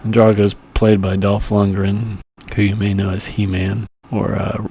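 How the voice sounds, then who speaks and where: A man recaps movies in a crude, rambling comedic style, swearing freely and tossing in loose impressions of the characters. His voice is low and deeply gravelly. A faint hiss sits under the recording. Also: completely flat delivery, a little slow, warm tone. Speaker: podcast host reviewing movies.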